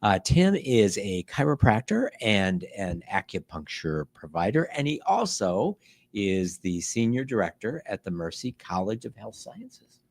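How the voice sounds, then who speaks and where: A man's voice: lowish voice, big pitch swings, measured pace, vocal fry, no echo. An older man who is a medical director, hosting a casual interview with friendly, short questions.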